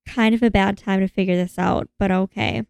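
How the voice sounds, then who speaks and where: A woman's voice: medium pitch, fairly even intonation, brisk, creaky, a little mellow, clean tone, dry recording, clean studio sound. A woman in casual chat, recapping a film and animatedly acting out the characters' lines in voices. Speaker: podcast co-host recapping a film.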